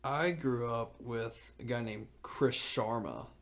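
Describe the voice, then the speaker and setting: Gravelly young man chatting excitedly. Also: medium pitch, slow pace. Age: 20s. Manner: rambling, full of "like" fillers, excitable. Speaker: podcast co-host. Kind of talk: casual chat.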